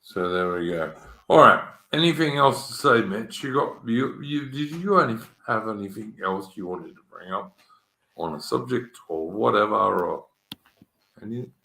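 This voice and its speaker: A man's voice: lowish voice, lively intonation, moderate pace, vocal fry, sharp tone, roomy sound, rough recording. A man hosting a casual chat, blunt and matey, swearing freely. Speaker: host.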